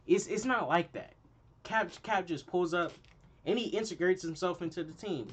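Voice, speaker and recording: A young man in college, a channel host, ranting casually in an animated, slangy, repetitive way, with a dull lo-fi sound. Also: high-pitched, moderate pace, husky. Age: young adult. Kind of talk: casual opinion rant.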